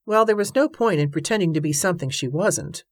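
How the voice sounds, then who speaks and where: A woman reading a novel aloud in an even, measured narration. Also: lowish voice, no echo, clean studio sound. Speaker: audiobook narrator. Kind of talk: scripted narration.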